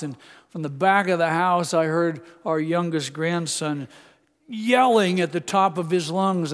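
An older man preaches to his congregation, his voice sitting high for a man. He asks them questions directly and earnestly. His words ring with a long reverb through the church hall. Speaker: pastor. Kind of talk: sermon. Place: church sanctuary.

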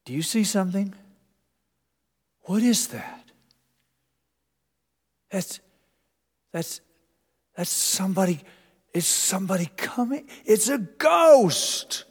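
A man's voice: sits high, lively intonation, slow, long pauses, breathy edge, in a large hall, voice pushed up, exaggerated voice. A man voicing a frightened male disciple who spots a ghost on the water, his exclamations climbing in alarm.

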